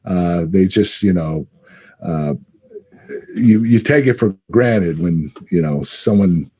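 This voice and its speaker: A middle-aged man in a casual podcast interview, talking haltingly with many fillers and frequent laughs. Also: low-pitched, lively intonation, warm tone, breathy edge. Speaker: guest recalling his wrestling career.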